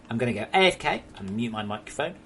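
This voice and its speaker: A young man with an English accent talks through a game stream in a loose, joking way, swearing now and then. His voice sits at a middle pitch. There is a faint hiss of the room behind him. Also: very animated, fast, fairly bright tone. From England. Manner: chatty, joking, swears freely. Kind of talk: casual live-stream chat.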